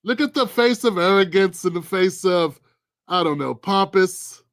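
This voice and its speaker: A man's voice: sits high, lively intonation, a little slow. A man hosting a political commentary livestream, casual and sarcastic, talking straight to his viewers. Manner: sarcastic, colloquial, talks to viewers.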